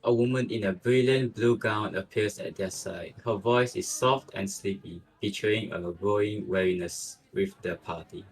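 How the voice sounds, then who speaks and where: Deep-voiced man narrating a story. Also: moderate pace, few pauses, rough recording.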